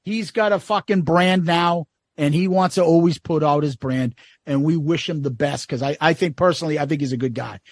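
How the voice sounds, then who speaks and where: A man's voice: a little high, fairly quick, no echo, studio quality. A man co-hosting a podcast in casual chat, blunt and rambling, swearing freely. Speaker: podcast co-host.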